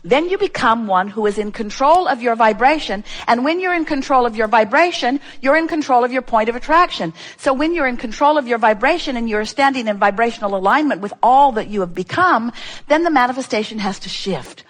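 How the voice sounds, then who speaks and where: A woman's voice: on the high side, lively intonation, brisk. A woman giving an inspirational talk to a workshop audience. She speaks as "we", strings together rhetorical questions and repeats key phrases for emphasis.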